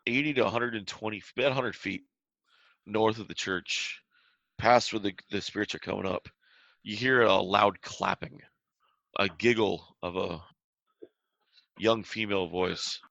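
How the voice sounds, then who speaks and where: A man running a tabletop game, describing each scene in a loose, meandering way. His voice sits very low with a gravelly fry and a bright edge. The recording is dry and a little dull. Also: a little slow, long pauses, no room sound. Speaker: game master.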